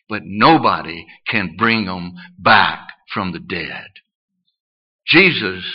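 Animated preacher man, dull lo-fi sound. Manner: animated, swings from booming to hushed. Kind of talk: sermon.

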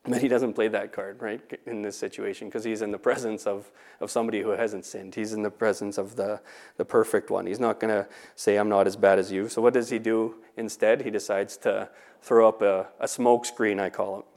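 A man's voice: fairly low pitch, little pitch movement, brisk, a little mellow. A man, a teacher, talking casually about faith, often restarting words and checking in with "right?". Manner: conversational, frequent "right?" and restarts.

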